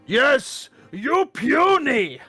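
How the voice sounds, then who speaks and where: Man voicing a booming minotaur. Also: sing-song, husky, soft background music, full character voice. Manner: loud, slow, broken grammar. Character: hulking male minotaur, booming broken speech.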